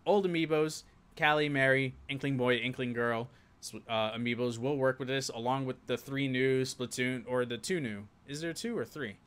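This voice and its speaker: A man's voice: medium pitch, normal speed, a bit bright, clean tone. Rambling man hosting a gaming news stream. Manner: rambling, self-interrupting, chuckling asides. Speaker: show host.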